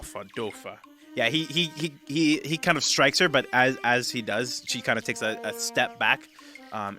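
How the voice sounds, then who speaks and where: A man narrating a tabletop game as game master, halting with many restarts. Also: medium pitch, bright, forceful tone. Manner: halting, full of fillers and restarts.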